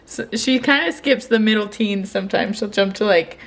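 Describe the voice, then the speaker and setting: A woman's voice: medium pitch, normal speed. A young woman and mother chatting casually in a family vlog, full of fillers and restarts. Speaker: vlogger, mother.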